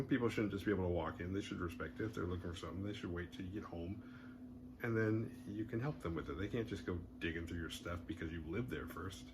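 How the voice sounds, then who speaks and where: Podcast host, male, low voice, rambling casual recap with faint hiss behind. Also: a bit bright. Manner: loose, rambling retelling with quick voiced asides. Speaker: horror movie podcast host.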